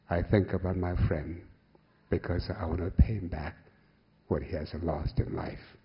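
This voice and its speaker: A man's voice: deep voice, husky, muffled recording. An older man with a Korean accent giving an emotional speech, telling his story and acting out past dialogue. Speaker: speaker at a gala.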